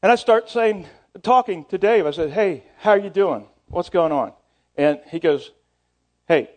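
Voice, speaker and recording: A middle-aged man preaching to his church in a loose, storytelling way, with a voice that sits a bit higher than most men's. He stumbles over words and repeats himself, joking at his own expense. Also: animated, normal speed. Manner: casual, self-deprecating, stumbles and repeats words. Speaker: pastor. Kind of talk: storytelling sermon.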